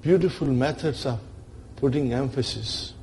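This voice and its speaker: A man's voice: medium pitch, normal speed, darkish tone, a little hiss or hum. A man teaching an Arabic grammar class in lecture style, often checking in with his listeners.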